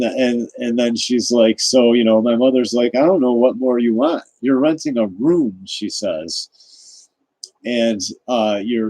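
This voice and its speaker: Guy venting on his vlog, rambly and fed up, keeps restarting, mellow low-key tone, dry close sound. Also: no room sound, low-quality recording. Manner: rambling and indignant, with many restarts. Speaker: vlogger. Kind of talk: ranting personal monologue.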